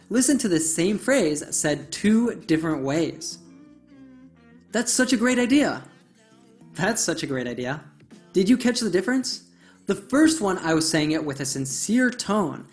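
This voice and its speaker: A woman narrating a scripted English lesson, explaining words clearly and stressing key terms. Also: on the low side, lively intonation, moderate pace, darkish tone, soft background music. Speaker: English teacher.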